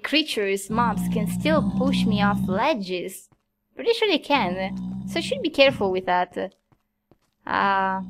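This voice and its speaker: A young woman commentating her own gameplay, nervous and easily startled, yelping at scares and talking herself calm. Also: on the high side. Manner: jumpy, nervous, yelps and laughs at scares. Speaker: Minecraft let's-play host.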